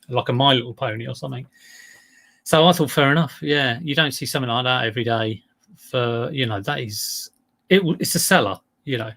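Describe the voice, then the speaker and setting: A man talks through his latest finds in a loose live-stream chat. His voice has a gravelly, creaky edge at a middling pitch. He rambles, wanders off topic and pokes fun at himself. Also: a bit bright. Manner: chatty, rambling, self-deprecating.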